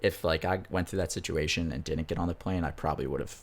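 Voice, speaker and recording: A man's voice: very deep voice, fast talker. A young man, a podcast co-host, telling a story in a rambling, casual way and swearing freely.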